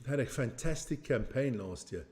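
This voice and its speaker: Reacting to a match on his casual live stream, a middle-aged host speaks in a mid-range, darkish voice with lively intonation at a moderate pace. He chats loosely, fields comments from viewers, and kids around about his age.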